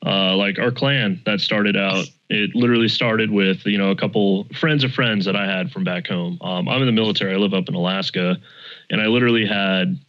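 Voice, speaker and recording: A man in casual chat, telling gaming stories with animated energy and casual swearing. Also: fairly low pitch, fairly quick. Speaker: podcast guest. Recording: dull lo-fi mic.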